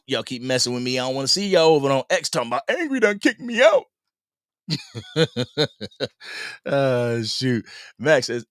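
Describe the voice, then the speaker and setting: A man hosting a live-stream sports fan podcast, talking in a slangy, animated way and reading out comments from the chat. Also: medium pitch, no room sound, studio quality. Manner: animated, slangy, laughs often. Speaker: podcast host.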